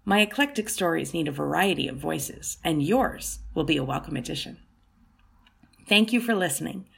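A woman host reading her own short story aloud, softly and often in a near whisper, with a breathy voice. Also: low voice, animated, normal speed. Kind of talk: storybook narration.

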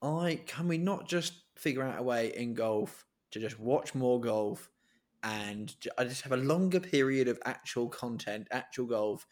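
A man's voice: mid-range voice, expressive, unhurried, a little mellow. A man co-hosting a casual podcast chat over a remote call, often laughing and restarting. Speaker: podcast co-host. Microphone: remote call mic.

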